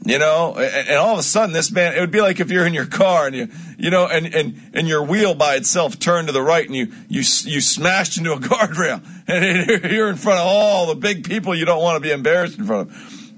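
A man giving an informal Bible teaching on his own stream, telling the story in an emphatic, animated way with frequent restarts and asides. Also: a little high, fairly quick.

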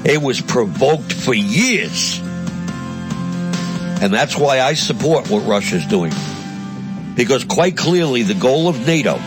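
A man's voice: mid-range voice, animated, takes it slowly, long pauses, music in the background. A man giving a blunt, heated political monologue, crude and mocking in tone. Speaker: political commentator. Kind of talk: impassioned monologue.

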